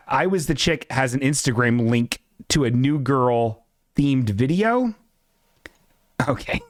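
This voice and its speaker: A man hosting a casual livestream, talking in a rambling, profane, self-mocking way. His voice sits at an ordinary pitch and sounds close and dry. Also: no room sound. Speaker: live show host.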